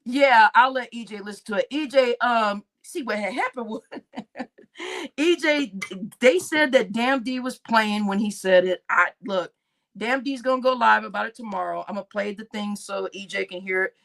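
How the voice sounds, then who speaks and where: A woman's voice: on the high side, normal speed, creaky, fairly bright tone. A woman hosting a livestream, ranting angrily and with lots of profanity, repeating herself. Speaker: livestream host. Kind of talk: heated livestream rant.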